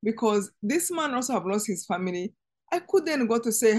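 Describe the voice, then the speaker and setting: A woman guest giving an earnest personal testimony in conversation, halting and restarting as she speaks. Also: mid-range voice, expressive, a little mellow. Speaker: interview guest.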